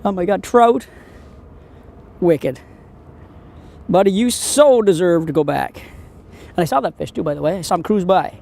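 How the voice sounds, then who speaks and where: A man hosts a fishing show from a boat outdoors, his voice pitched high with a gravelly edge. He exclaims at every catch and even chats to the fish as he reels them in. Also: moderate pace, long pauses. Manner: excitable, exclamatory, talks to the fish. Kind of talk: on-the-water fishing commentary.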